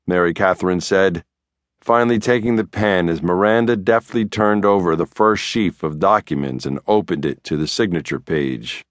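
A male audiobook narrator with a fairly low voice reads a thriller in the first person. His delivery is steady and measured, recorded dry and close with no room echo.

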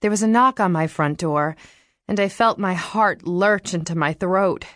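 A woman narrating an audiobook in the first person, reading in a wry, expressive way into a studio microphone. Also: on the low side, measured pace, dry recording.

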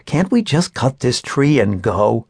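A man's voice: mid-range voice, very animated, unhurried, vocal fry, darkish tone, slightly rough, exaggerated voice. A man voicing an impatient older brother who grumbles to get things over with, in a storybook.

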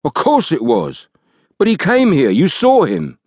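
A man's voice: on the high side, huge pitch swings, unhurried, a little mellow, dry recording, studio quality, voice pushed up, full character voice. A man voicing a frightened, sullen male thug who whines and breaks into panic.

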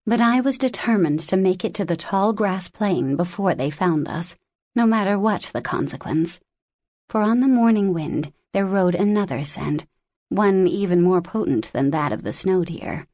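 A woman narrating a fantasy audiobook in a measured, expressive storytelling voice, recorded in a studio. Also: fairly low pitch. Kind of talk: scripted narration.

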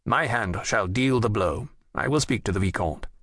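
A man voicing a young king who speaks with firm, measured authority in an audiobook. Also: lowish voice, a bit bright, no room sound, studio quality. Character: young male king, firm and self-assured.

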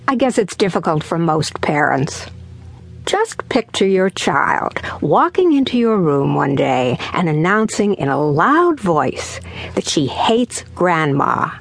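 A woman's voice: lowish voice, vocal fry, no room sound. A woman narrating her parenting audiobook in an earnest, conversational way. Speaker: author and narrator.

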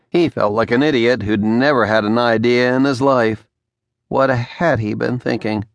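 A man narrating an audiobook in a studio, with smooth storytelling and lively dialogue. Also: mid-range voice, dry recording. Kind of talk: scripted narration. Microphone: close studio mic.

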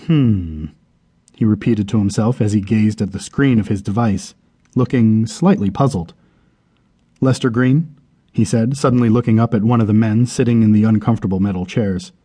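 A man narrating an audiobook novel in a measured storytelling delivery. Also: fairly low pitch, mellow, slightly rough. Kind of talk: scripted narration.

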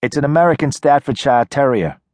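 A man's voice: expressive, fairly quick, dry recording, lightly acted. Man voicing a wary, blunt young city woman. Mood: matter-of-fact. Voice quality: higher and louder than the narrator, blunt. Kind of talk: audiobook character reading.

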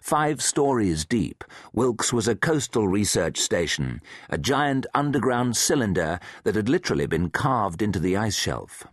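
A man narrating a thriller audiobook in a measured, dramatic way. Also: lowish voice, sing-song, no echo, clean studio sound. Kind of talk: scripted narration.

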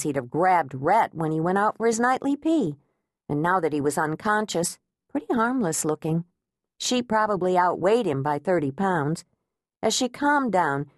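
Audiobook narrator, woman, lowish voice, wry even reading, dry booth sound. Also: no echo. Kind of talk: scripted narration. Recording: dry close studio sound.

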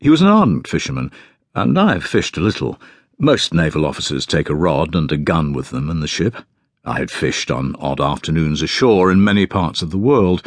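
Deep-voiced man narrating an audiobook. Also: dry recording. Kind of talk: scripted first-person audiobook narration.

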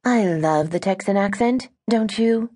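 A woman's voice: mid-range voice, unhurried, warm tone, pitched above the performer's own voice, close to an everyday voice. A woman voicing a sheltered, earnest young British woman in an audiobook.

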